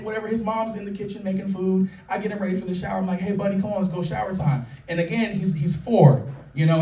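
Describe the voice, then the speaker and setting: A man from California doing a stand-up comedy set at a live show, telling stories in an animated, profane way. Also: high voice. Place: live show at a small local art venue. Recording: roomy, distant mic, audience laughter.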